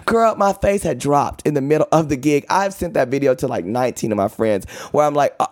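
A man hosting a podcast, telling a story in a chatty, campy, animated way with playful asides. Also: brisk, dry recording, clean studio sound. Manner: animated, campy, chatty, with lots of "okay?" and "girl"; dramatic pitch swings and playful asides. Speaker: podcast host. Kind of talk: casual storytelling monologue.

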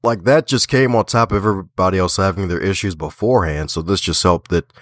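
This low-voiced man from Baltimore, with a slight Southern twang, talks quickly and a bit brightly as a guest author and podcaster in a casual interview. He's upbeat and folksy, laughs often, and the clean studio recording has no echo.

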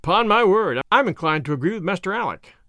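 Brief: excitable inspector for a detective storybook, raised and urgent, a man doing the voice. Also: high voice, brisk, dry recording, studio quality. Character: brisk excitable male police inspector.

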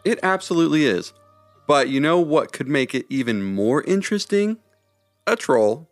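A man co-narrating a children's story with an expressive, animated delivery. He trades light teasing banter between passages. Soft music plays faintly underneath. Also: on the high side, normal speed, dry recording.

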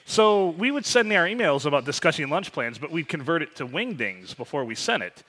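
A man's voice: a little high, big pitch swings, fairly quick, pushed and bright. A man in his forties, a podcast co-host, telling rambling, joking stories and swearing casually. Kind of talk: casual chat.

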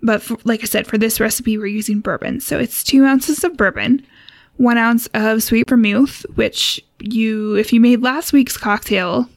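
A young woman co-hosting a casual cocktail podcast, explaining a recipe in a relaxed way with frequent laughs and fillers. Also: on the high side, measured pace, no echo. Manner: relaxed, giggly, lots of fillers. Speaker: co-host.

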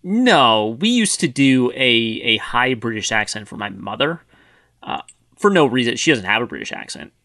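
A man co-hosting a football podcast in casual chat, quick and self-deprecating. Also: medium pitch, very animated, creaky, bright, forceful tone, dry recording, studio quality. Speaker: podcast co-host.

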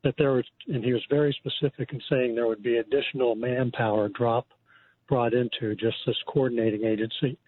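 A male caller with a mid-pitched voice, polite and measured, stopping now and then to find his words. He comes through a tinny phone line. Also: fairly even intonation, dry recording. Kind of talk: phone-in call.

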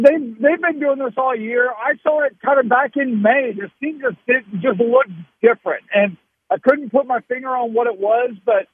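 Guy calling in to sports radio, frustrated rant, high husky voice, tinny phone line. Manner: frustrated, rambling complaints. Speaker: caller.

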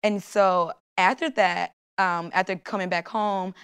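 Lively young woman telling her story. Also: mid-range voice, unhurried, clear, resonant tone. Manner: animated storytelling, acts out her own thoughts in quotes. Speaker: guest, Olympic long jumper. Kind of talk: casual interview chat.

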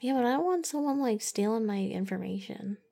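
A woman's voice: a little high, lively intonation, fairly quick, creaky, dark tone. A woman co-hosting a casual late-night podcast, teasing with a dry sense of humor. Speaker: podcast co-host.

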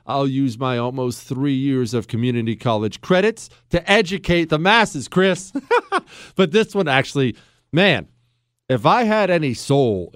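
A man hosts a talk radio show, joking at his own expense with a sarcastic edge. His pitch swings widely, and the studio sound is dry and close. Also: smooth, no room sound. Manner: sarcastic, self-mocking joking.

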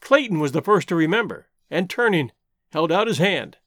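Reading an old adventure novel aloud for an audiobook, a man performs it theatrically in a high, highly mobile voice. He keeps a moderate pace, and the close, dry recording has no echo.

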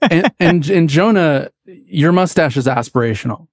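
A man's voice: fairly high pitch, unhurried, dry recording. Guest: young man from the west coast, easygoing, rambling, mid-range voice, dry close sound. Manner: relaxed, rambling, laughs often. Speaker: podcast guest. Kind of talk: casual chat.

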